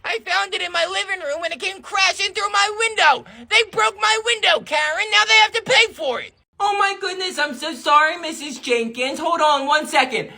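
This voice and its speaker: A sketch comedian playing every role in a family comedy sketch, switching between put-on voices and often shouting. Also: extremely high pitch, normal speed, gravelly, few pauses. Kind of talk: one-man comedy sketch with many voices.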